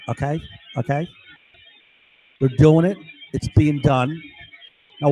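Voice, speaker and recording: A man's voice: on the high side, warm tone, husky, low-quality recording. A man delivering an agitated, rambling monologue to his camera, constantly asking "right?". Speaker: vlogger.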